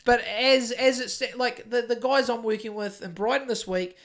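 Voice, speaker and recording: A man's voice: extremely high pitch, fairly even intonation, moderate pace, fairly bright tone. A man with a New Zealand accent, a house painter and podcast co-host, chatting casually in a rambling, sweary way with lots of restarts. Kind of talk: casual chat.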